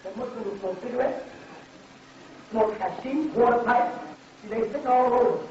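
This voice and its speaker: Man lecturer with a high-set voice, emphatic and scornful, taped from far off in a booming hall. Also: a little slow, a little mellow, slight background noise. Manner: emphatic, mocking, full of rhetorical questions. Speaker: religious lecturer. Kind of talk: preaching lecture to a live audience. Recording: very echoey, distant, lo-fi hall recording.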